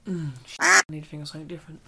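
A man co-hosting a casual chat show, joking quickly, laughing, and reading out a news story. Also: fairly high pitch, steady tone, vocal fry, very noisy. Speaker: podcast co-host.

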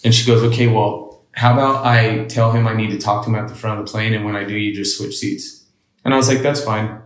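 A man's voice: fairly low pitch, fairly even intonation, a little fast, roomy sound, rough recording. Blunt, profane man telling a story. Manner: blunt and profane, retells with quoted dialogue. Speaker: interview guest. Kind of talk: casual storytelling.

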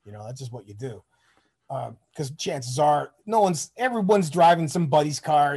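A man's voice: fairly high pitch, moderate pace, darkish tone, husky. A middle-aged man from Michigan, a former soldier, telling rambling, profane stories in a casual interview. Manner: rambling, profane, acts out quoted voices. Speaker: guest, Army veteran.

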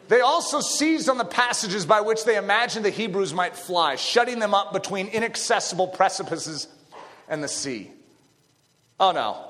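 A middle-aged male preacher with a high, bright voice that leaps and dives across a wide range. He moves from hushed near-whispers to full shouts. The sound carries a long hall reverb. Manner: dramatic, swings between hushed and shouting. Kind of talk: sermon.

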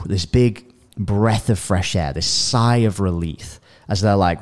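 A man hosting a podcast, giving casual coaching advice in an animated way and often checking in with "right?" and "you know". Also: on the low side, measured pace. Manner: animated, acts out sample dialogues, frequent "you know" and "right?". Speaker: podcast host and business coach.

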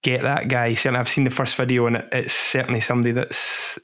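A man hosting a casual podcast interview, speaking in a measured way and restarting his sentences as he searches for words. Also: medium pitch, monotone, fairly bright tone. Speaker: podcast host.

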